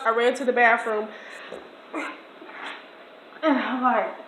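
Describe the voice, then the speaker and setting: A woman in her forties telling a personal story in a chatty, slangy, expressive way during a casual meal video. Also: fairly high pitch, takes it slowly, slight background noise. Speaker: vlogger. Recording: echoey room.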